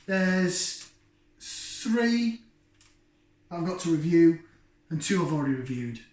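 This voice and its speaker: Chatty beer vlogger, rambling, self-mocking, slightly higher voice, roomy echo. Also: male voice, very animated, slow, darkish tone. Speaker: beer reviewer. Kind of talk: casual chat to camera.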